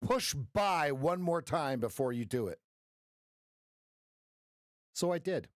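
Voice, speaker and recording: A man's voice: on the high side, animated, slow, dry recording, clean studio sound. A man coaching traders on a live stream, blunt, passionate and profane. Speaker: trading coach.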